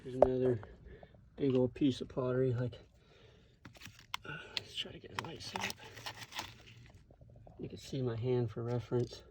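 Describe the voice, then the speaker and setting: A man vlogging while he crawls through a cramped desert rock cave, straining and exclaiming in excitement. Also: mid-range voice, moderate pace, long pauses, background noise. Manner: excitable, keeps exclaiming in wonder. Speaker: hiking vlogger. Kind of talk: casual handheld narration while exploring. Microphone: handheld camera he films with.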